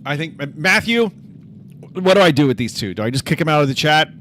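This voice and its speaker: A man's voice: a little high, animated, a little fast, fairly bright tone, slight background noise. A man streaming his game development, thinking aloud as he debugs and talking straight to his chat. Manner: thinks aloud, mutters to himself and addresses chat directly. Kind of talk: casual livestream chat while coding.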